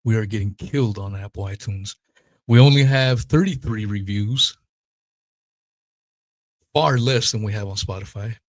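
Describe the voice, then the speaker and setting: A man's voice: lowish voice, no room sound. A man hosting his own podcast, ranting in a blunt, heated, profane casual monologue. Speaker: podcast host.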